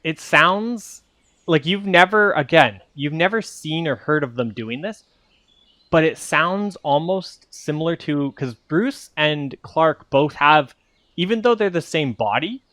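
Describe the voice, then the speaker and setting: Slow, rambling game master man. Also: fairly high pitch, expressive, sharp tone, dry recording. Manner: meandering, descriptive, many fillers. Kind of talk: narrating a tabletop game.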